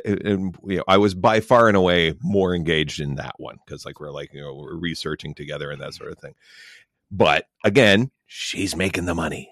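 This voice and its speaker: Deep-voiced man rambling through anecdotes. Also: no room sound, clean studio sound. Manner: laughing, loose rambling anecdotes. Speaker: podcast co-host. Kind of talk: casual chat.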